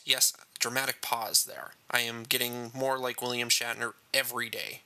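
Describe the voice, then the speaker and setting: Bright-voiced man reading his story. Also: mid-range voice, moderate pace, hardly any pauses, poor audio. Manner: jokey, chatty asides. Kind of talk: story narration and casual chat.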